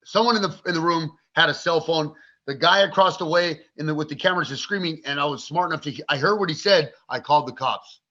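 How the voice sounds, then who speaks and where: Blunt, bright-voiced man telling his story. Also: a little high, fast talker. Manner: blunt, profane, vivid storyteller. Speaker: podcast guest. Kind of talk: candid interview storytelling. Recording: dull lo-fi recording.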